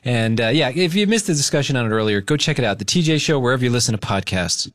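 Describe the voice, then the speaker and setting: A man's voice: medium pitch, fast, noisy background. A man hosting a radio morning show, chatting casually and laughing with his co-hosts. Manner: animated, laughs often, coaching tone.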